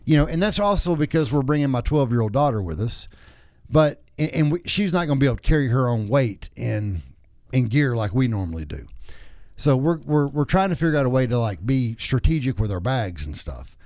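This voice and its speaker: A man's voice: medium pitch, sing-song, brisk, darkish tone, dry recording, clean studio sound. A man in his thirties or forties, hosting a podcast with a crude, joking, rambling way of telling stories. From Texas. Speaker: podcast host. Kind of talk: casual chat.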